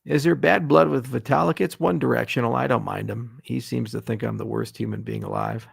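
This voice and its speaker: A man's voice: medium pitch, fairly even intonation, brisk, gravelly, breathy edge, dry recording, clean studio sound. A man hosting a livestream Q&A, answering questions in blunt, ranting, profane tough talk. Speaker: AMA host, venture capitalist. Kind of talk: livestream Q&A, unscripted.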